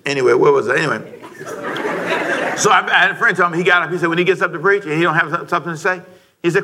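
A middle-aged man preaching a sermon to a congregation, lively and joking, rising to shouts. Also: sits high, fast talker, some chatter behind. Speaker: pastor. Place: church sanctuary before a congregation.

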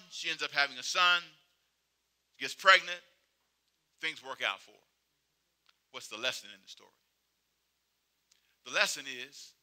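A male preacher with a high, bright voice delivers an emphatic sermon full of repetitive call-and-response. He swings between loud exhortation and quiet, low asides.

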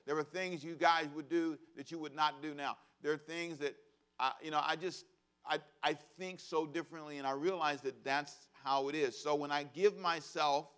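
A middle-aged pastor delivers a sermon in an easygoing, joking way, drawing the congregation in with call-and-response lines. He slips into quick mock voices of kids and parents as he tells his stories. His voice sits at an ordinary pitch for a man. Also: fairly bright tone, smooth. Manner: conversational, humorous, asks congregation to repeat phrases.

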